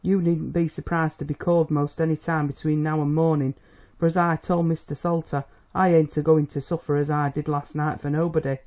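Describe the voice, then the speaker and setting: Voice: mid-range voice, level tone, fairly quick, a little mellow, close to an everyday voice. A reader voicing a sour old village hypochondriac. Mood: acid. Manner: acid, complaining, rustic speech.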